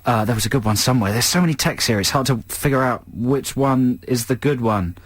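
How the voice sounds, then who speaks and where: Male radio co-host, husky voice, deadpan humour, loose studio chat. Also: mid-range voice, a little fast, no echo. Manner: dry, deadpan joking. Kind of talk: casual radio banter. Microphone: studio microphone.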